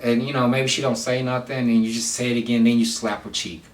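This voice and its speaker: A man talks casually to camera in a mid-pitched voice, loose and rambling, leaning on fillers and repeating himself. He sits back from the mic in an echoey room. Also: steady tone, quick pace, far from the mic. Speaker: vlogger giving dating advice. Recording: roomy sound from away from the mic.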